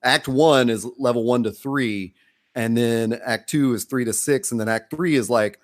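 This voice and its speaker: A man's voice: medium pitch, moderate pace. A man co-hosting a podcast, chatting casually about a film with frequent fillers. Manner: chatty, laughing, full of fillers. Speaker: podcast co-host. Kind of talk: casual chat.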